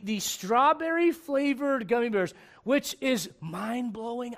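A man preaching a sermon in church, humorous and animated, dropping to quiet asides and rising to shouts. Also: very high voice, creaky. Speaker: pastor.

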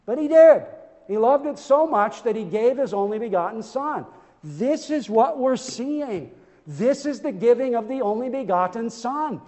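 High-voiced preacher in an echoing hall. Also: male voice, lively intonation, a little slow, darkish tone. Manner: earnest, emphatic, with frequent stammered restarts. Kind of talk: sermon.

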